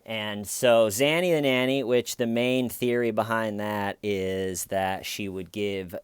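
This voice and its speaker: A man's voice: fairly low pitch, steady tone, takes it slowly, clear, resonant tone, no room sound, studio quality. A man hosting a comedy channel, giving sarcastic true crime commentary with sighs and mocking asides. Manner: sarcastic, sighing, quoting people in mocking voices.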